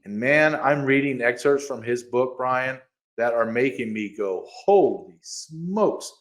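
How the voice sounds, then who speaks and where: Excitable man co-hosting a podcast. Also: medium pitch. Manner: animated, quick to get excited, reads quotes aloud. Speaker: podcast co-host. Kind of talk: casual podcast chat.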